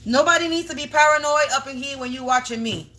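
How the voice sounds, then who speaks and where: A bright-toned woman runs a confrontational livestream as a tarot reader. She scolds her viewers bluntly, curses freely and gets louder when she makes her point. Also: high-pitched, quick pace, a little hiss or hum. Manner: blunt, scolding, swears often, raises voice at times.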